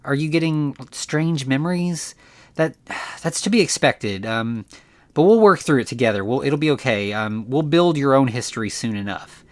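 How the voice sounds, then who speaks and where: A man's voice: medium pitch, expressive, moderate pace, pitched above the performer's own voice, lightly acted. A man doing a coaxing woman scientist.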